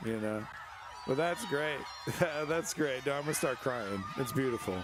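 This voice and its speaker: A man's voice: medium pitch, normal speed, background noise. A man hosting a casual news livestream, talking sarcastically in a mock-patriotic, profane way. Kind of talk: casual live-stream chat.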